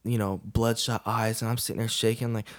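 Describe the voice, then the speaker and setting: A man's voice: lowish voice, little pitch movement, fairly quick. A young man, a podcast guest, telling a personal story in a casual, laid-back way, often laughing and saying "bro".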